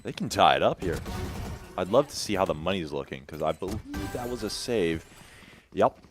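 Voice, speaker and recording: A man doing rapid play-by-play commentary as an esports caster, often stammering over restarts. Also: deep voice, lively intonation, over music. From Canada.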